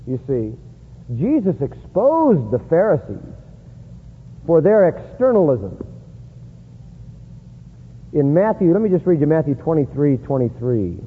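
A man preaching a sermon in an emphatic style, rising high and loud to stress points. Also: very animated, unhurried, pauses often, slightly rough. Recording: echoey hall on a tinny lo-fi line.

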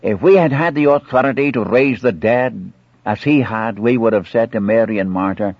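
A man's voice: medium pitch, moderate pace, dry recording. A man preaching an earnest sermon, acting out scripture dialogue and pleading directly with his listeners. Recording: muffled old dry recording.

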